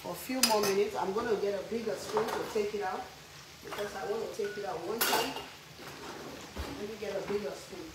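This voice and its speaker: A woman's voice: medium pitch, a little fast, very noisy. A woman from Africa with an African English accent, hosting a casual cooking vlog, chatting playfully while reading viewer comments and teasing her audience.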